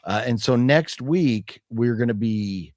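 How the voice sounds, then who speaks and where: A man hosting a casual live stream, chatting in a relaxed way and reading viewer comments aloud. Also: mid-range voice, slow pace, dry recording, clean studio sound. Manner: relaxed, laid-back, reads chat comments aloud. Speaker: host.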